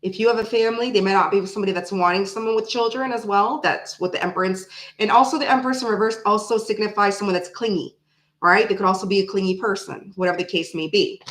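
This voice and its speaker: A woman's voice: medium pitch, fairly even intonation, quick pace, echoey room, low-quality recording. A woman doing a casual tarot reading to the camera, thinking aloud and repeating her phrases as she pulls cards. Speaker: tarot reader.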